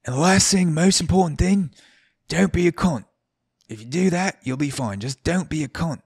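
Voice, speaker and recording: A man putting on a rough Australian accent to play a brash, loud male bartender announcing bar rules. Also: normal speed, dry recording, studio quality. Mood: emphatic. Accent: Australian, admittedly poor imitation. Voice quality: shouty, high and punchy.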